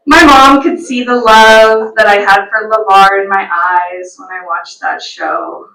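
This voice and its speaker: A woman performing stand-up comedy at a live event, telling stories in a slow, storytelling delivery. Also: medium pitch, fairly even intonation, sharp tone. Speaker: stand-up comic. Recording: roomy venue sound from a distant mic.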